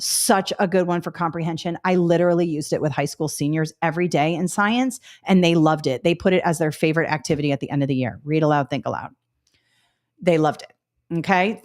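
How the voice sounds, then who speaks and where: A woman teaching a live webinar as a test prep instructor. She talks upbeat and models speech sounds with drilled repetition, checking in with listeners often. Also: on the high side.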